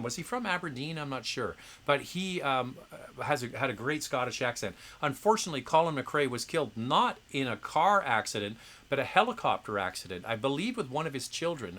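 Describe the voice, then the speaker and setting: Middle-aged guy doing a live q&a, bright forceful voice, chatty and opinionated, lots of ums. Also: medium pitch. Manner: chatty, opinionated, frequent fillers and restarts. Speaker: host answering viewer questions. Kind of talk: casual livestream Q&A.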